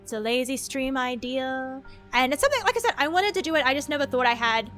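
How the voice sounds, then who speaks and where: A woman with an Australian accent chats loosely on a live stream, her voice high and bright. She rambles and trips over her own sentences, restarting often and swearing casually. Faint music plays behind her. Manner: rambling, halting, with frequent restarts. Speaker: VTuber streamer.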